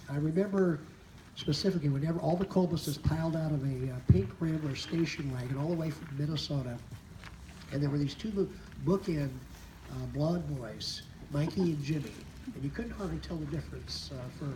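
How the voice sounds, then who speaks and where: An older man giving a soft-spoken, pausing eulogy at a memorial. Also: on the high side. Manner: soft-spoken, reminiscing with many pauses. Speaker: mourner sharing memories. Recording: echoey room, distant mic, noisy.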